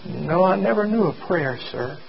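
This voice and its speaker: A man voicing a frightened, dying orphan street boy who talks in plain, halting speech. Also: high-pitched, expressive, creaky, dull audio, a little hiss or hum. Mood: weak, pleading.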